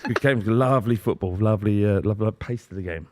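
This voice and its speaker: A man's voice: fairly low pitch, quick pace. A man co-hosting a football watchalong, rambling and laughing often as he chats with the lads. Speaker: podcast co-host. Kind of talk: casual football watchalong banter.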